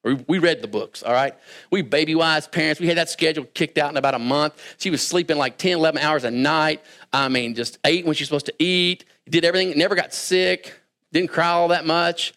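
A man preaching a sermon, talking conversationally and swinging between quiet asides and raised, emphatic lines. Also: a little high, a little fast. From Kentucky. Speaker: pastor.

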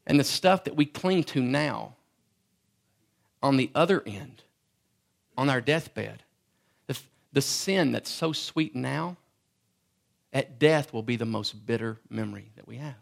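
A man's voice: mid-range voice, huge pitch swings, measured pace, creaky, long pauses. A man in his thirties giving a sermon as pastor, telling self-deprecating stories with stammered restarts.

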